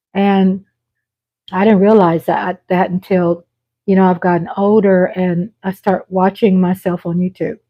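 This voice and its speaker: A middle-aged woman hosting a live stream, chatting casually in a rambling way with frequent pauses and restarts. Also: mid-range voice, darkish tone, poor audio.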